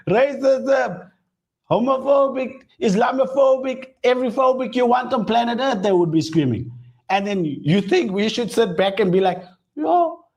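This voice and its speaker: A man's voice: a little high, darkish tone. Indignant South African man ranting. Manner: indignant, emphatic, repeats himself. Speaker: panel commentator. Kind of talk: heated political commentary.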